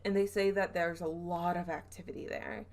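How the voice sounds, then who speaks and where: A young woman from the southern United States hosts a casual podcast, retelling a spooky story. She sits a little lower in pitch than most women. She giggles and restarts her sentences as she goes. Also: little pitch movement, normal speed, darkish tone. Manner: chatty, giggly, trails off and self-corrects. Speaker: podcast host.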